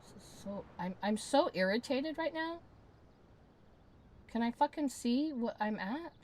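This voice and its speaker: A woman's voice: fairly high pitch, expressive, a little slow, a little mellow. Woman ranting, exasperated streamer. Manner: exasperated ranting, swearing and repeating herself. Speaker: game streamer. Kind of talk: casual live-stream chat.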